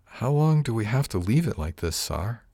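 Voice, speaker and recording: A man's voice: fairly low pitch, sing-song, moderate pace, creaky, warm tone, husky, dry recording, studio quality, voice pushed up, heavily acted. A man voicing a blunt, wary young woman bodyguard in an audiobook, with a clipped and formal manner. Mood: puzzled. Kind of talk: audiobook character voice.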